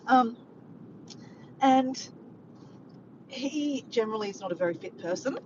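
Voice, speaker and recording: Filming her vlog from the car while driving, a woman chats casually to camera in an upbeat, rambling way. Her voice sits on the high side and is expressive, at a measured pace. The audio is muffled, and road noise comes through clearly.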